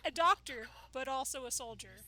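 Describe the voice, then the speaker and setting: High bright giggly woman. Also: animated, moderate pace, low-quality recording. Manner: giggly, chatty, swears casually. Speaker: anime reaction host. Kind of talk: casual episode reaction chat.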